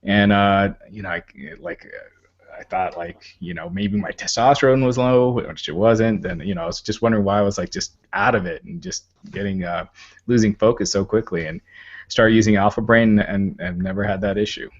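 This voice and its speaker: A man in his thirties co-hosting a podcast, talking casually and haltingly with lots of fillers. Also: lowish voice, lively intonation, muffled recording. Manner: halting, full of fillers and "you know". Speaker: podcast co-host.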